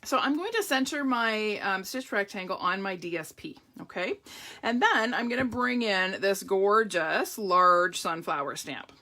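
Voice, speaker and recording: This papercraft demonstrator speaks in a medium-pitched, expressive voice that's pushed and bright, at an unhurried pace. During her live card-making session she chats away and greets viewers by name, a catch audible in her throat.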